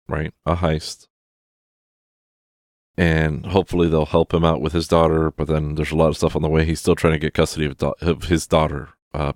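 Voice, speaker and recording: A man's voice: very deep voice, no room sound, clean studio sound. A man ranting casually about a film, sarcastic and exasperated, swearing often. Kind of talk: profane casual rant.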